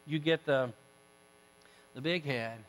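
High-voiced folksy preacher. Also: male voice, slow. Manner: folksy, animated retelling with asides. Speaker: pastor. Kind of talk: storytelling sermon. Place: church sanctuary. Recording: church hall reverb.

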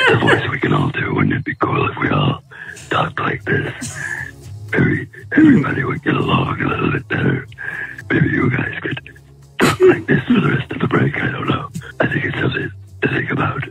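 A man calling in to a radio show, voicing a sinister cartoon supervillain in a deep, gravelly, raspy drawl. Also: huge pitch swings, moderate pace, a bit bright, faint music behind, exaggerated voice, low-quality recording. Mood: menacing. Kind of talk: phoned-in cartoon villain impression.

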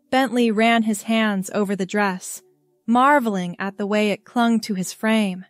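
A woman reading a scripted story aloud in a calm, even storybook manner. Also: mid-range voice, measured pace, no room sound, faint music behind.

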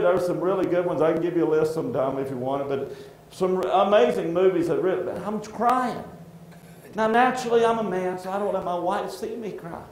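A middle-aged man preaching a sermon as pastor, heartfelt and halting, often restarting his sentences. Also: sits high, a little mellow, a little hiss or hum. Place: church sanctuary. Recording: echoey church room.

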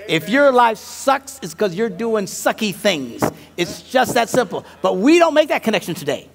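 Man, pastor-comedian, comic sermon, high voice, gravelly rasp, laughs at own jokes. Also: normal speed, few pauses. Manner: animated, swings between mumbled asides and loud punchlines; laughs at his own stories.

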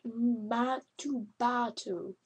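A woman giving excitable, yelping commentary over a game she is playing. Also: on the high side, extremely slow, breathy edge. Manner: excitable, yelps and laughs at the game. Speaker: gameplay commentator. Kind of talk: let's play commentary.

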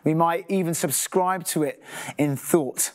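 A man's voice: a little high, a little slow. A man, a pastor preaching a sermon earnestly and sometimes acting out his listeners' thoughts.

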